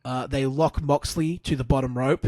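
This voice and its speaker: On a casual wrestling podcast, a male co-host recaps matches in a rambling, play-by-play manner full of fillers. His mid-range, darkish voice has fairly even intonation and a normal speed, with no room sound.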